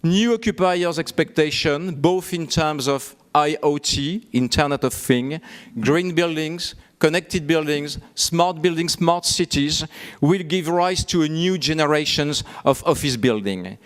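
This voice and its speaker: A man with a fairly high voice delivers prepared remarks at a conference. He speaks in a measured way and steps through figures and trends. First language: French. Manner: measured, listing facts and figures. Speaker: keynote speaker. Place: conference hall.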